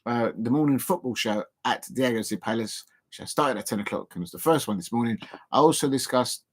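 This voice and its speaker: A man hosting a casual football live stream, rambling with frequent pauses and restarts as he chats to his viewers. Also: mid-range voice, husky. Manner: rambling, many ums and restarts, chatty asides to viewers. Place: home, seated at a table.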